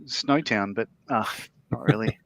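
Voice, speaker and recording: A man's voice: fairly low pitch, unhurried, creaky, no echo. A man, chatting casually on a live panel while building a model, rambling and self-deprecating with lots of ums and restarts. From Australia. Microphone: video call.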